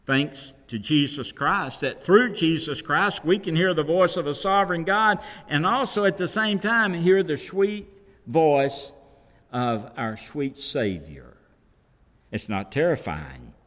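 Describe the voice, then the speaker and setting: A man preaching a sermon as pastor, slow and emphatic, quoting scripture. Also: a little high, expressive, fairly bright tone. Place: church sanctuary. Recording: long reverb of a large hall.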